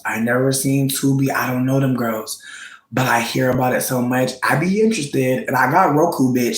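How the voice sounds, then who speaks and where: A man chatting casually, gossiping about reality TV in a slangy, campy style. His voice swings into high squeals when he quotes reactions. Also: roomy sound, poor audio. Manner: slangy, campy storytelling with frequent "bitch" and "like". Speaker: vlogger.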